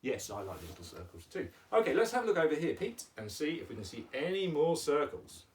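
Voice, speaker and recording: A man's voice: a little high, very animated, fast, distant mic, slight background noise. A man hosting a playful children's lesson on shapes, patient and teacherly with exaggerated emphasis. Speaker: children's educational host. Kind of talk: playful kids' lesson with puppets.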